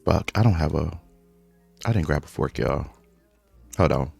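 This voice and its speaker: A man vlogger telling a casual, profane storytime while eating, lively and animated in his telling. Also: very deep voice, unhurried, gravelly, breathy edge, no echo, soft background music. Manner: speaks through eating breaks. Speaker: mukbang vlogger.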